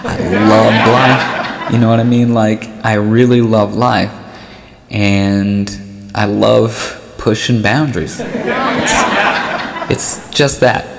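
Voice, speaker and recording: A man's voice: lowish voice, slow, gravelly. A man doing a rambling, self-mocking stand-up comedy set, often laughing at his own jokes. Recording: live hall echo with loud noise.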